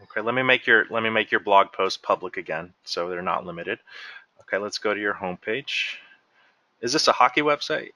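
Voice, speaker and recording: A man guides viewers through a software walkthrough one step at a time, with a bright, forceful tone. The sound is dry and close, with no room echo around it. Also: fairly low pitch, a little fast. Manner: explains step by step while clicking through. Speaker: software trainer. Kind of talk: screen-share software walkthrough.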